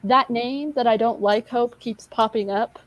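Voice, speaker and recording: A woman in her twenties co-hosts a casual livestream chat, rambling candidly, poking fun at herself, and often losing her train of thought. Her voice is on the high side, steady and measured, and the recording is low quality.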